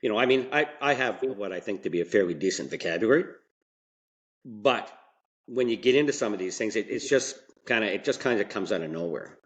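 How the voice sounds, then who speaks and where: A man's voice: lowish voice, expressive, fairly quick, dull audio. A man telling stories as a podcast guest in a colloquial, rambling way, with frequent restarts and asides. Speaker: podcast guest, mechanic and franchise owner. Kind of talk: casual interview storytelling.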